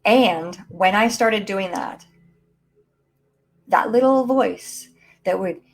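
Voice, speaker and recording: A woman's voice: medium pitch, slow. Rallying woman coaching viewers live. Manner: emphatic and rallying, speaks straight to viewers. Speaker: mindset and business coach. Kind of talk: live social media coaching talk. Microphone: low-quality built-in mic.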